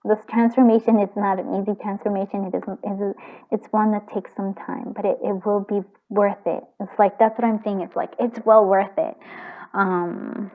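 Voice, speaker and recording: A woman reading tarot cards for viewers in a casual, rambling, gentle way, full of fillers and restarts, choked up with emotion. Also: mid-range voice, steady tone, normal speed. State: tearing up. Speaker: tarot reader. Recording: tinny phone-like audio.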